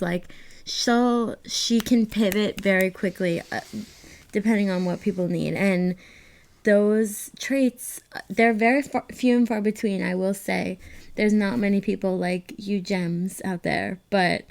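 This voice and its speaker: A woman's voice: medium pitch, vocal fry, a little mellow. Candid, laughing woman guest. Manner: many fillers and restarts while thinking. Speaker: podcast guest. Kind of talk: casual podcast chat.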